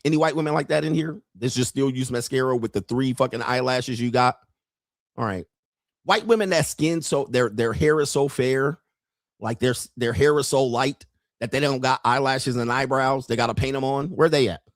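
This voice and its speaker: A man's voice: medium pitch, moderate pace, no echo, studio quality. A man hosting a casual live stream, talking straight to his viewers in a brash, profane, rambling way with frequent laughter.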